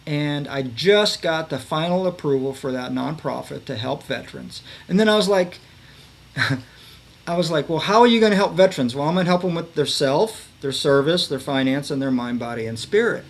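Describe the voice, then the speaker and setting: Guy in his 50s rambling thru a story, lots of you know like, voice a bit on the high side. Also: moderate pace, vocal fry. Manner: rambling, many fillers and restarts. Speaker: podcast guest, veterans advocate. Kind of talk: casual conversational storytelling.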